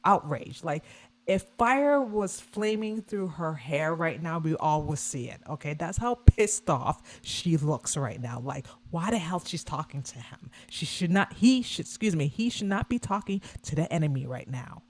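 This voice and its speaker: A woman vlogger giving casual reaction commentary on a video, animated and scornful, repeating her points. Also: deep voice, normal speed.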